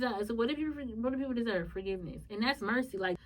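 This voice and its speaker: Talking fast into a distant mic, a podcast host working solo tells a personal story with casual emotion. She calls her listeners y'all, alternating between soft, thoughtful moments and quick, high, excited outbursts.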